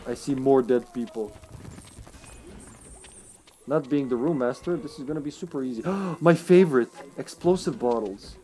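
A man streaming a co-op survival game live, chatting, swearing casually and breaking into loud laughter. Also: medium pitch, moderate pace, long pauses, a little hiss or hum. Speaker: streamer playing co-op. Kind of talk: live gameplay commentary.

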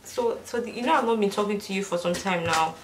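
A woman's voice: medium pitch, quick pace. A young woman vlogging a prank at home, talking nervously and hesitantly with lots of fillers. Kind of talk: casual prank vlog. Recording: echoey room with faint noise.

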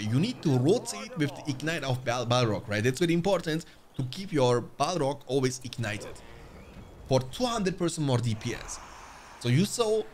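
Excitable man commentating his own game. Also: a little high, a little hiss or hum. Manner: excitable, swings from muttering to yelling at the screen; talks to viewers as "boys". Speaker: gaming streamer. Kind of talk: live gameplay commentary.

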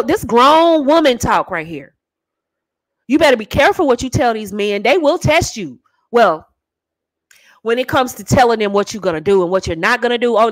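A woman with a fairly high voice, recorded dry, hosts a dating-coach channel. She hands out sassy, emphatic, no-nonsense advice and calls the listener "baby" and "honey."

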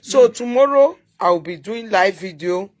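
A woman's voice: medium pitch, expressive, normal speed. A woman with a Nigerian accent, insisting defiantly and repeating herself.

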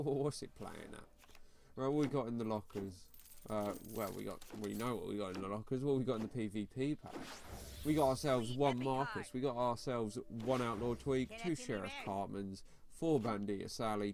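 A young man talks through a mobile game in a relaxed, slangy way, dropping "mate" every few words. His voice sits at an ordinary male pitch. Game music plays clearly underneath him. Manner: laid-back, slangy, says "mate" constantly. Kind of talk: casual gameplay commentary. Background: background music.

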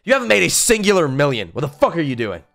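A man mimicking a brash, money-obsessed ranter in a low, muttered mock-gruff voice. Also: quick pace, soft background music, lightly acted. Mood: scornful. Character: brash loud-mouthed man ranting about money.

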